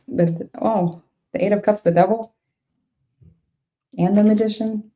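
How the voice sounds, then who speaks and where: A woman's voice: mid-range voice, fairly even intonation, a little slow, pauses often, warm tone. A woman doing a casual tarot reading, thinking aloud with frank, laughing reactions. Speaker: tarot reader.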